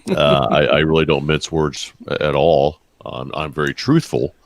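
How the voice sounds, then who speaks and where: A man with a very low voice, answering interview questions in short, direct remarks. The sound is dry and close-miked, with no trace of room echo. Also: flat delivery, moderate pace. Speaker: guest writer. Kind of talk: casual interview chat.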